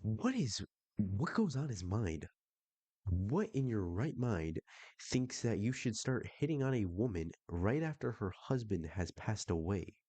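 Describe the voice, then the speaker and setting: A man's voice: on the low side, sing-song, a little slow, mellow, slightly rough, dry recording. A man doing comedic reaction commentary while reading texts aloud, sarcastic and profane.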